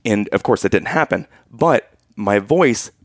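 A man's voice: lowish voice, lively intonation, measured pace, no echo, clean studio sound. A man co-hosting a casual chat, telling personal stories animatedly and laughing often. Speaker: podcast co-host.

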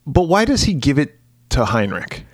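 Guy cohosting a movie podcast, lively swingy voice, dry close mic, keeps doing bits. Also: fairly high pitch, moderate pace, dry recording. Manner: jokey, acts out film characters, laughs a lot. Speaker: podcast co-host. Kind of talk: casual chat.

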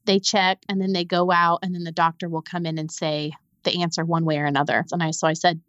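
A young adult woman, a podcast guest, telling a painful personal story in a halting way, repeating words when it gets hard. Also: fairly low pitch, little pitch movement, fairly bright tone, dry recording, lo-fi sound.

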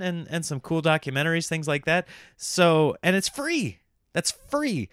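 A man's voice: fairly high pitch, very animated, moderate pace, fairly bright tone, no echo, studio quality. A man in his thirties hosting a comedy podcast, rambling in a casual, self-mocking, jokey monologue.

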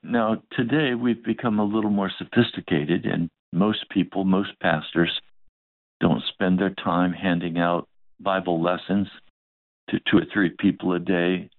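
A male pastor tells a story in his sermon, acting out each side of the dialogue. His voice is low-pitched and gravelly. The recording is dry and narrow, like a phone line. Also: steady tone, a little slow, dry recording.

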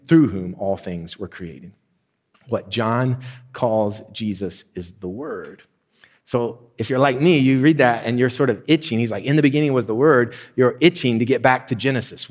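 A man preaching a sermon, excited and emphatic, swinging from loud bursts down to quiet, slow stressed words. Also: medium pitch. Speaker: pastor.

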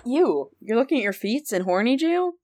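Playful, lively woman game master. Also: a little high, normal speed, no room sound. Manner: playful teasing, many ums. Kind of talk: running a tabletop game.

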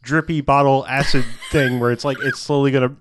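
A man's voice: medium pitch, fairly even intonation, brisk, background noise. A man co-hosting a casual movie review podcast, rambling through the plot and acting out lines from the villains. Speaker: podcast co-host.

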